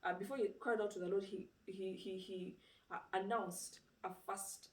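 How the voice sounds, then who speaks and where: A woman's voice: medium pitch, normal speed. Woman, casual sermon, storytelling, rhetorical questions, echoey room, distant mic. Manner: lively retelling with rhetorical questions and frequent "you know". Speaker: preacher. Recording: roomy sound, speaker away from mic.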